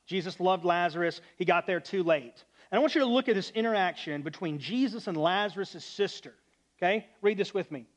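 A male pastor preaching an earnest, conversational sermon that often drops to a quiet tone. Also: high-pitched, fairly quick.

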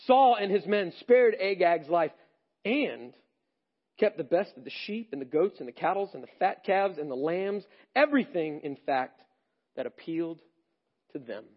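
A male pastor preaching a sermon, animated and swinging between loud and hushed delivery. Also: high-pitched, normal speed, dull audio.

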